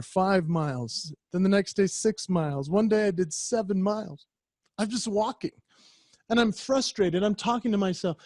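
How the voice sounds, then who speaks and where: Guy speaker telling a story on a video call, high voice, dry sound, does little voices and noises as he goes. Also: a little mellow, no room sound. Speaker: professional speaker. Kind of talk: storytelling keynote.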